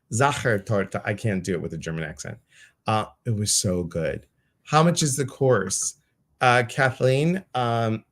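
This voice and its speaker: A man hosting a casual live-stream chat, effusive and rambling, full of fillers. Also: lowish voice. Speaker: host.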